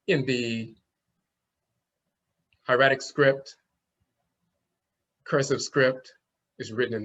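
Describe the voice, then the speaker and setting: On a dull lo-fi recording, a male language teacher walks a classroom through an ancient script, describing every sign and voicing the letter it stands for. He speaks at medium pitch with a fairly bright tone, in an explanatory way.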